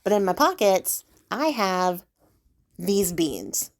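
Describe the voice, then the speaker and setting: A woman's voice: mid-range voice, big pitch swings, slow pace. A woman voicing a sly little old man, a traveler who wheedles and insists like a salesman.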